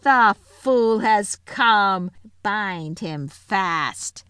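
Brief: woman reader as fierce commanding witch, raised pitch, barking orders in a storybook reading. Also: animated, extremely slow, clear, resonant tone, no echo. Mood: gloating. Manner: imperious, shouted commands.

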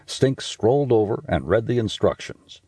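Warm, husky male storyteller. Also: lowish voice, moderate pace, no echo, clean studio sound. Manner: playful and expressive. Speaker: audiobook narrator. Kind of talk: children's audiobook narration.

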